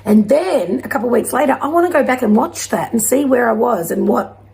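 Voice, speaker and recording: A woman giving a gentle, encouraging spiritual card reading to her viewers, rambling at times. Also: a little high, lively intonation, brisk, gravelly, a little hiss or hum. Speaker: intuitive card reader.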